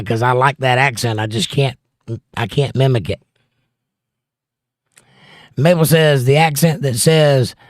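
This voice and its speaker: A middle-aged man with a Southern accent hosts a livestream, joking around as he reads viewer comments out loud. His voice sits at a medium pitch, and the studio-quality recording has no room sound.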